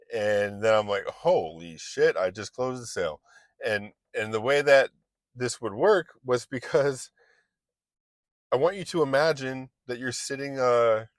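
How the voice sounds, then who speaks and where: A man whose voice sits on the low side, recorded without echo, coaches online business in a casual motivational talk. His delivery is chatty and loose, full of restarted sentences and little role-played exchanges.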